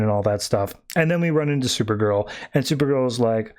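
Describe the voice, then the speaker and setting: A man's voice: fairly low pitch, fast, few pauses, a little mellow. Casual rambling man recapping comics. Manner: rambling, filler-heavy, quotes characters in a lifted voice. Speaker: podcast host reviewing comics.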